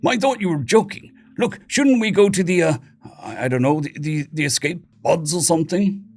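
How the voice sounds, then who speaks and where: A man voicing a precise, skeptical young man in a suit who speaks in a dry, deadpan way. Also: fairly high pitch, moderate pace, voice pushed up.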